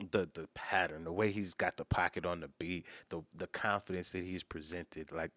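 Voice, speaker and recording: Deep american guy riffing on rap verses, swears a lot, dead dry room. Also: no echo. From United States. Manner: animated, profane, chatty. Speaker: reaction video host. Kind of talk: casual reaction commentary.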